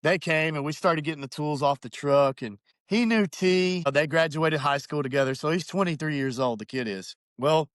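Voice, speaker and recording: A man's voice: a little high, normal speed, few pauses, no echo, clean studio sound. A man telling a personal story in casual chat, acting out what others said. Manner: animated, acts out quoted voices. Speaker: podcast guest.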